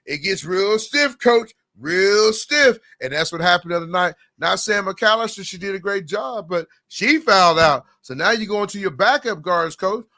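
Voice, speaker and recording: A man hosting a casual high school basketball talk show, rambling and animated, often addressing his co-host. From Oklahoma, US. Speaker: podcast host.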